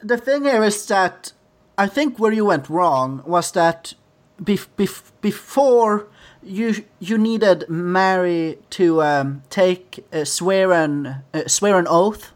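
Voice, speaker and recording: Deadpan man joking on a podcast. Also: high voice, takes it slowly. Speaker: podcast co-host. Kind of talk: casual podcast chat.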